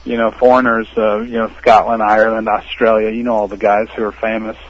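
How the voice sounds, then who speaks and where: A man from the United States, an actor and podcast guest, telling stories in a casual interview, animated and laughing often. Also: lowish voice, a little fast, highs cut off.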